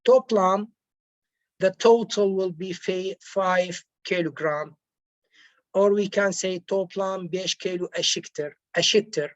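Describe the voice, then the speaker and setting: A male language teacher explains word by word at a very unhurried pace, moving back and forth between two languages. He hesitates often and corrects himself mid-phrase. The recording is dry and a little dull, as if made on a lo-fi mic. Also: high-pitched, no room sound. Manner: hesitant, with frequent pauses and self-corrections. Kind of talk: slow classroom explanation.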